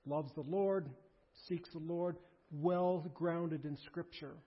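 A man's voice: fairly high pitch, steady tone, takes it slowly, breathy edge. A man preaching a sermon to his congregation, earnest and pleading, often restarting his sentences. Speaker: pastor. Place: church sanctuary. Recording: muffled sound with a long hall echo.

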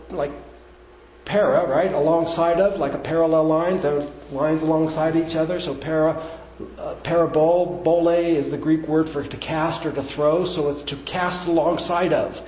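A man preaching a teaching sermon, explaining step by step and rising to emphatic questions. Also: high voice. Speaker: pastor. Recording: roomy, dull church recording.

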